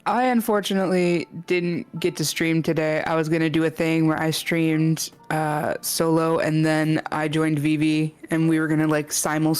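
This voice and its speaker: A young woman co-streaming, chatting casually in a relaxed, rambling way with hesitant restarts. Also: low voice, normal speed, few pauses, smooth, faint music behind. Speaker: co-streamer guest. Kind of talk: casual livestream chat.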